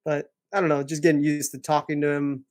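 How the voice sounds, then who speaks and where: A man's voice: fairly high pitch, flat delivery, a little fast, no room sound, clean studio sound. A young man co-hosting a podcast in casual chat, laid-back and rambling, laughing often. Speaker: podcast co-host.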